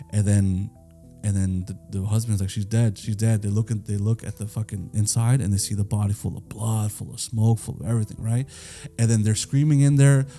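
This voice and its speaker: A man's voice: medium pitch, mellow. A young man co-hosting a podcast, retelling a true crime case in loose, profane, casual talk full of fillers. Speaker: podcast co-host.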